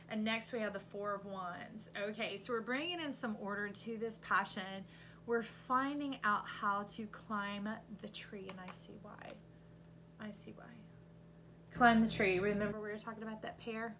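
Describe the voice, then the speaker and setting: A woman reading tarot cards aloud in an animated, coaching way, with sudden loud bursts. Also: mid-range voice, normal speed, a little hiss or hum. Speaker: intuitive tarot reader.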